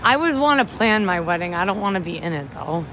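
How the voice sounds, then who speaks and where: Walking through a rainy city at night, a young woman from upstate New York livestreams on her phone, rambling, chatting, and reading out and thanking viewers. Her lowish voice is sing-song and a little fast, with street noise clearly behind it.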